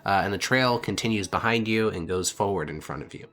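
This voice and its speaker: A man's voice: fairly low pitch, brisk, fairly bright tone. A man running a tabletop fantasy game as game master, describing scenes casually with many fillers.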